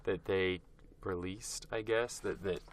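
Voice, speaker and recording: A young man co-hosting a podcast in casual chat, steering the episode and talking in halting bits with restarts. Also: low voice, steady tone. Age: young adult. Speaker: podcast co-host.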